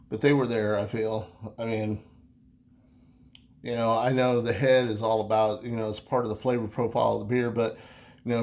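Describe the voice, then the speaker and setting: Easygoing man of middle pitch, rambling casually through a beer review vlog. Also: darkish tone. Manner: rambling, full of fillers and restarts; easygoing, chatty.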